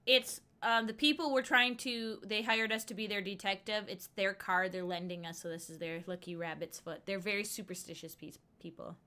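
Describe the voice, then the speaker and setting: Woman streamer, casual gameplay chatter, laughs a lot, bright voice. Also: mid-range voice, steady tone, moderate pace, few pauses. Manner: chatty, laughs often, rambling asides.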